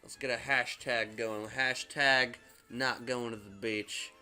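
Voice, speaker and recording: A man's voice: medium pitch, steady tone, slow pace, pushed and bright, soft background music. A young man casually reviewing a movie, rambling and swearing, with lots of fillers. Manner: rambling, profane, many fillers. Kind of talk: casual vlog commentary.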